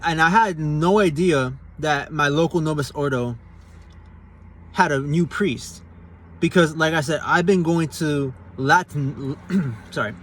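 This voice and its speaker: A man with a slightly raised voice tells a personal religious testimony in a relaxed, conversational way. His delivery is earnest and unpolished, full of casual slang and sentences that restart as he goes. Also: on the high side. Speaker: Catholic giving a personal testimony.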